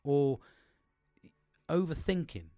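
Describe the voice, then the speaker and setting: A man's voice: fairly high pitch, lively intonation, takes it slowly, dark tone, dry recording, clean studio sound, soft background music. A middle-aged man talking openly and emotionally about his struggles, rambling with many restarts and frequent swearing. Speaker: podcast host. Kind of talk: candid personal talk.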